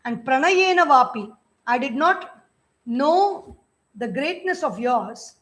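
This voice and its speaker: Brief: Indian woman, high voice, spiritual teacher, chants verses then explains them plainly. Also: lively intonation, takes it slowly, fairly bright tone. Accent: Indian English. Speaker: spiritual teacher giving a scripture discourse. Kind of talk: scripture discourse with chanted verses.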